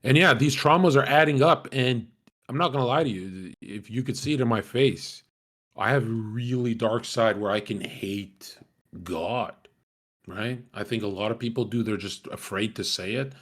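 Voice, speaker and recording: A young man talks through his own memories in a loose, unscripted way, swearing freely and breaking into laughter. His voice sits at an ordinary middle pitch for a man. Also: moderate pace. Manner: casual, swearing, laughing often. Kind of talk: candid personal storytelling.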